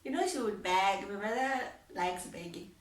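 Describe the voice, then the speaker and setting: A woman's voice: mid-range voice, expressive, normal speed. Woman telling a heartfelt story. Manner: heartfelt, repeats phrases, laughs often. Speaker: vlogger. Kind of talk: personal testimony storytelling. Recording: roomy sound, mic at a distance.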